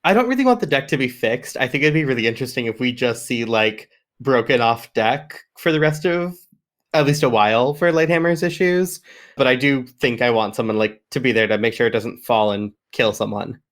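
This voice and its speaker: A man's voice: mid-range voice, animated, fairly quick, fairly bright tone. A man playing a tabletop game, describing his moves in a rambling way full of fillers. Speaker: player. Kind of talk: casual tabletop game chat.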